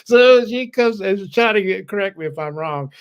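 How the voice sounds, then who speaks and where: A man co-hosting a betting podcast, telling an animated story in casual chat, swearing now and then and laughing. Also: sits high, normal speed, smooth, dull audio. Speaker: co-host.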